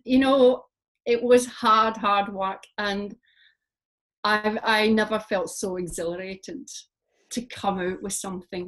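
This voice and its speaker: Reflective woman poet from Scotland. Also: mid-range voice. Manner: reflective, animated storytelling with frequent fillers. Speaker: poet guest. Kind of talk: interview conversation.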